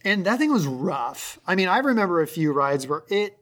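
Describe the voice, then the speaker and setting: A woman co-hosting a podcast in casual chat, telling stories animatedly. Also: moderate pace. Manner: animated storyteller, jumps high on excited lines. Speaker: podcast co-host.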